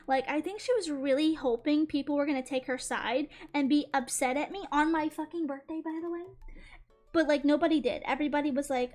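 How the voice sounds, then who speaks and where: A young woman channel host chatting through a casual storytime while drawing, quick and full of "like". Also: high voice, a little mellow, soft background music. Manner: chatty, fillers of "like", quick retelling with laughs.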